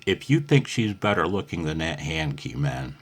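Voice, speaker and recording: A man's voice: very deep voice, sing-song, moderate pace, fairly bright tone, slightly rough. An older man giving a casual, chatty radio lesson, often calling the listener "man". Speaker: ham radio instructor.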